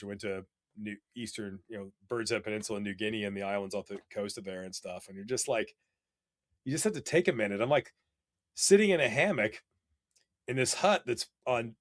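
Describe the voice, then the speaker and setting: A man telling casual stories as a podcast guest, animated and rambling, with many fillers. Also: mid-range voice, dry recording. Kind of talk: casual storytelling.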